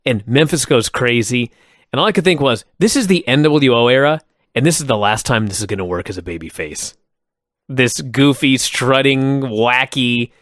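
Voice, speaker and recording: A man's voice: mid-range voice, moderate pace, a bit bright, no room sound, clean studio sound. A middle-aged man co-hosting a wrestling podcast, talking with emphatic enthusiasm. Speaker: podcast co-host. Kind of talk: casual wrestling review chat.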